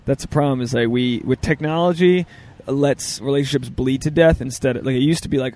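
A man's voice: mid-range voice, brisk, darkish tone. A man hosting a casual comedy podcast, joking and rambling as he talks, laughing often. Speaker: podcast host.

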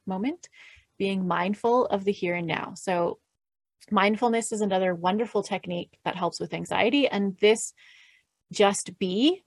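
A woman's voice: mid-range voice, no echo. Woman explaining breath mantras, dry close sound. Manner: gentle, soothing, measured with light laughs. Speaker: podcast host and guest expert. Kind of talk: calm instructional explanation.

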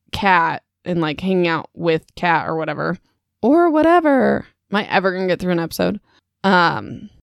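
A woman's voice: fairly low pitch, creaky, no room sound, studio quality. A young adult woman hosting a casual book podcast, chatty and self-mocking, laughing at her own slips into a home microphone. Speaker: podcast host.

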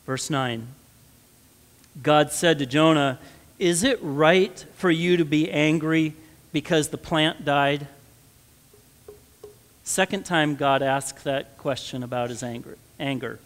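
A man's voice: on the high side, slow pace, long pauses, fairly bright tone. A man with a Midwestern American accent preaching a sermon, conversational and then rising to emphatic stresses. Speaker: pastor. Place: church sanctuary. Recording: long church reverb.

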